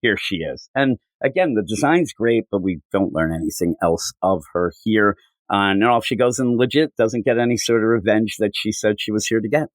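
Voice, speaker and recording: On a rough recording with no echo, a lowish-voiced man co-hosts a comics podcast. He's lively in the casual chat, jumping into quick character voices to deliver their lines.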